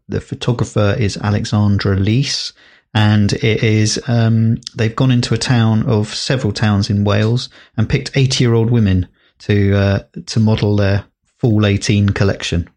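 A man's voice: on the low side, fairly even intonation, unhurried, darkish tone. A man co-hosting a podcast, chatting casually and rambling with many fillers and restarts. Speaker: podcast co-host. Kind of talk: casual chat.

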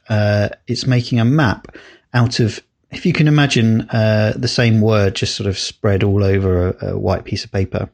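A man co-hosting a podcast, talking in a casual, rambling way with lots of fillers and restarts. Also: lowish voice. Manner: rambling, hesitant, many fillers. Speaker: podcast co-host. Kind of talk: casual chat.

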